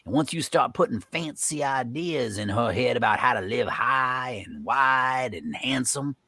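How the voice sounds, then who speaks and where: A blustering rich old judge bellows and drawls in folksy country talk, read aloud by a man. His voice is gravelly and husky, swinging widely in pitch. The recording is dry and close. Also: animated, a little slow, bright, forceful tone, no room sound, exaggerated voice. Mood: scheming. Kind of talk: live script reading.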